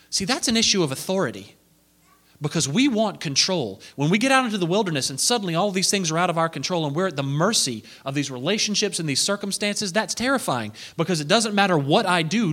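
A man delivering a sermon with a lively, swooping delivery and a bright, forceful tone. He jumps in and out of the voices of the people in his story as he preaches. His voice sits a little higher than most men's. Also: brisk. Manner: animated, acting out quoted voices.

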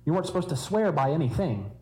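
Male preacher, warm mellow tone, chatty sermon with jokey asides. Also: a little high, big pitch swings, quick pace, poor audio. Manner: conversational preaching with humorous asides.

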